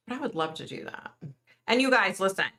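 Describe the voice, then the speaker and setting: A woman's voice: medium pitch, expressive, brisk, sharp tone. A middle-aged woman hosting a casual livestream, chatting earnestly and reading out and answering viewer comments. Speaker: livestream host.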